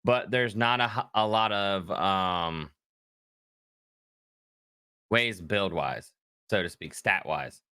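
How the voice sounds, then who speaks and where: Man, podcast co-host, casual gaming chat, bright clear voice, dry close sound, laughs a lot. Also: sits low, slow, long pauses, no room sound. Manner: animated, laughs often, trails off.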